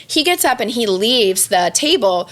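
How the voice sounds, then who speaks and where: A woman's voice: fairly high pitch, a little slow. A young woman in her twenties, a singer and guest, telling a long story in casual chat and acting out the quotes. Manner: animated storyteller, acts out quotes.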